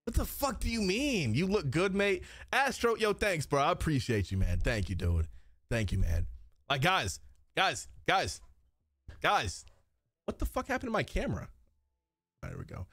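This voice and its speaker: A male livestreamer reacts to donations and chat at a desk mic. His voice sits high and bounces wildly up and down. The sound is bright and bone-dry, with no room around it. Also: moderate pace, no room sound. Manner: loud, excitable, swearing, laughing. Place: indoor streaming setup.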